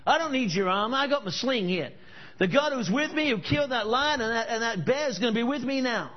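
A man's voice: very high-pitched, lively intonation, fairly quick, highs cut off. A man voicing the young shepherd David as bold and defiant, in a brash, plain-spoken way. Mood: confident.

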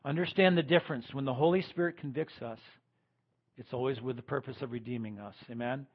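A man preaching a sermon as pastor, swinging between loud emphatic lines and quiet ones. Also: mid-range voice, a little fast, husky, highs cut off.

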